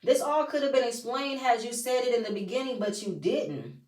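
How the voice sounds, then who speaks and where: A woman's voice: fairly high pitch, normal speed, darkish tone. A woman giving a casual recap of a reality TV episode, blunt and profane with sassy asides. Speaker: reality TV reviewer. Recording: roomy, voice from a distance.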